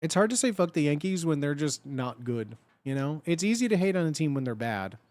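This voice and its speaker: A man's voice: fairly high pitch, sing-song, fairly quick, darkish tone, dry recording. A man in his thirties chatting casually on a livestream, blunt and profane, and laughing often.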